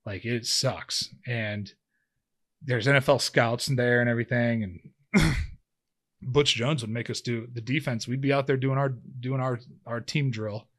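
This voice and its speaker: A man in his thirties who used to play pro football is a guest on a podcast, telling a long, loose story full of fillers and restarts in a casual interview. His mid-range voice is fairly bright, with fairly even intonation and a slightly slow pace.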